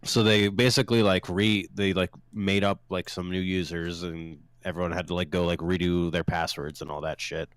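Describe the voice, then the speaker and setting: A man's voice: sits low, normal speed, hardly any pauses, clean tone, no room sound, studio quality. A man co-hosting a casual, profane podcast chat, telling stories and acting out angry callers. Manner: animated storyteller, acts out angry callers. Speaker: podcast co-host.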